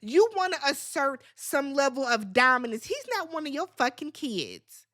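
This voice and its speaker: Blunt, foul-mouthed woman reality-show recapper; high, very animated voice. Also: moderate pace. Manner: blunt, profane, exasperated commentary; talks straight to viewers.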